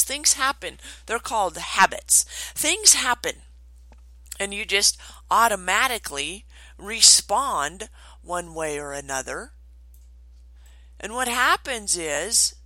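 A woman giving a motivational self-help talk, expressive and emphatic, often dropping to a whisper. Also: mid-range voice, dry recording, rough recording. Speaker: motivational speaker.

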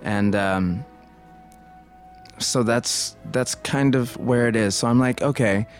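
A man's voice: mid-range voice, takes it slowly, soft background music. A man giving casual film commentary, thinking aloud and digressing with many restarts.

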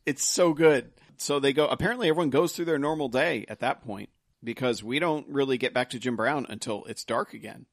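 A man co-hosting a podcast, recapping a film in an animated, casual way and swearing freely. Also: mid-range voice, a little fast, vocal fry, no echo, clean studio sound. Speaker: podcast co-host.

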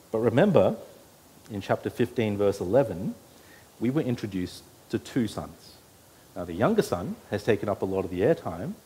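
A man's voice: mid-range voice, a little mellow, husky. A pastor preaching an earnest sermon to his church, his voice rising when he quotes scripture.

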